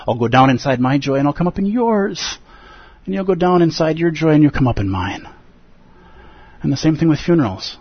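A man, a Buddhist teacher, giving an earnest and expressive dharma talk at a retreat, acting out feelings with gasps and pauses. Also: fairly high pitch, breathy edge, dry recording. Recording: dull lo-fi recording.

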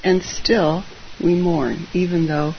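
A middle-aged Zen teacher giving an informal dharma talk, chatty and full of ums, with gentle self-deprecating humor. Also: mid-range voice, fairly even intonation, slow, vocal fry. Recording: slightly muffled with faint hiss.

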